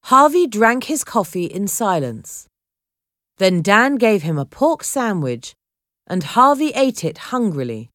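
A woman narrating a storybook in a slow, clear reading style. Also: mid-range voice, big pitch swings, fairly bright tone, no echo, studio quality.

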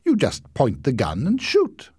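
A man's voice: medium pitch, huge pitch swings, measured pace, a little mellow, slightly rough, no room sound, studio quality, voice pushed up, full character voice. A man voicing a self-important young know-it-all who whines and lectures in a storybook reading. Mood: smug. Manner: haughty, whining, self-important.

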